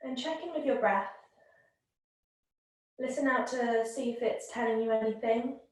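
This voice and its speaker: A woman teaching a yoga class, guiding the breath in a calm, gentle, unhurried way. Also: on the high side. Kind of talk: guided yoga and breathing instruction. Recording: very echoey room, voice from a distance.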